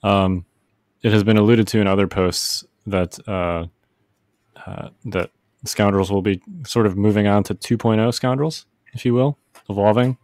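Low-voiced man hosting, dry close sound. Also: moderate pace, no echo. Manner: relaxed and friendly, wraps up segments. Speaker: podcast host. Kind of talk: casual chat.

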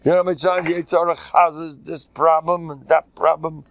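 A man's voice: fairly high pitch, a little fast, gravelly, slight background noise, rough recording. Older man, a joking rabbi lecturing. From USA. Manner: joking, animated, full of Yiddish and Hebrew terms. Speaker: rabbi giving a class. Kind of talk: informal Torah lecture.

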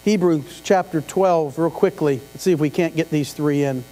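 In a church sanctuary, a middle-aged man gives a conversational sermon at normal speed, his mellow voice on the high side. He often asks the congregation questions and makes asides. The live stream audio has long reverb and a mains hum.

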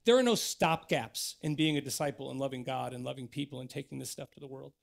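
A man's voice: medium pitch, fast talker, vocal fry. A man in his thirties, a pastor preaching an earnest sermon in church that builds to emphatic exhortation.

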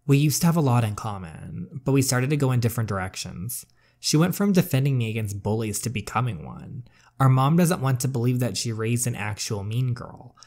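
A guarded, bookish teenage girl from a story game who speaks in a dry, wry tone, with a man reading her lines. She narrates her own story and shrugs off insults flatly. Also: medium pitch, fairly quick. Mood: reflective.

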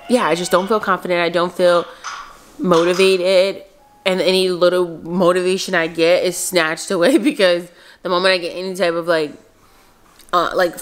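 A woman's voice: fairly low pitch, slight background noise. A woman in her twenties from Philadelphia, talking candidly in a casual mom vlog, rambling and full of "like". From Philadelphia, USA. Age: 20s. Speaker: mom vlogger.

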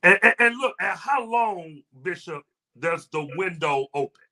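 Bright, high-voiced hype man. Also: measured pace. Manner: energetic call-and-response, whooping. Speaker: co-host. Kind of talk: hyping up a sermon talk.

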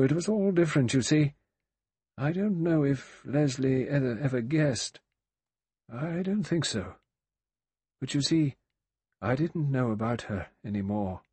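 A man voicing an elderly male retired general in an audiobook, speaking in a halting, resigned way. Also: on the low side, slightly rough, no room sound. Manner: halting, faltering, quietly resigned.

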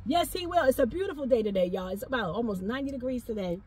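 A woman giving a fervent prophetic exhortation, repeating phrases and breaking into shouts of praise. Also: on the high side, animated, fast talker, slightly rough. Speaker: prophetic minister.

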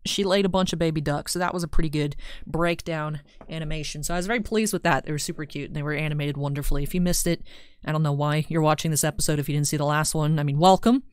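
A woman's voice: sits low, steady tone, quick pace, clear, resonant tone, dry recording, studio quality. A young woman hosting a video game playthrough, chatting casually and rambling upbeat about the story. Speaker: let's-play host. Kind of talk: casual gameplay commentary.

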